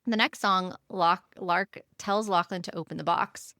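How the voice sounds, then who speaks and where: Woman podcast co-host, lively book-chat retelling, bright crisp voice, pitched a bit low. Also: measured pace, dry recording, clean studio sound. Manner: animated retelling with acted-out character lines. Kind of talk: casual book discussion.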